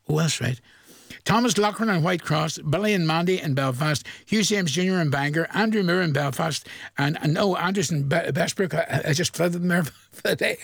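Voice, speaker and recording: An older man with a Northern Irish accent chats through listener greetings on his radio show, teasing and laughing along the way. His voice is gravelly and a touch husky, sitting a little high for a man. The recording is dry and close. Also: no room sound. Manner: chatty, teasing, laughs often. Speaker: radio presenter. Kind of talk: casual radio shout-outs.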